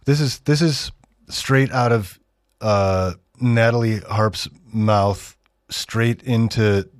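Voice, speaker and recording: Sardonic low-voiced man on the radio. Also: no echo, studio quality. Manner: sardonic, mocking, with exaggerated read-aloud quotes. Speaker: radio host. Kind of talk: sarcastic radio commentary.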